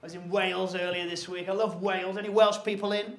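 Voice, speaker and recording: A man doing live stand-up, chatty and self-mocking, throwing quick asides to the crowd. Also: high voice, background noise. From Staffordshire, England. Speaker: stand-up comedian. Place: live comedy venue. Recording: echoey venue with loud crowd laughter. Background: audience laughter.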